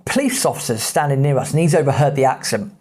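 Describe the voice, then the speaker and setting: A man's voice: medium pitch, fast talker, darkish tone, slightly rough. An English man with an English accent, telling a travel story in a chatty, rambling way as a podcast host. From England. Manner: chatty, rambling, with many fillers.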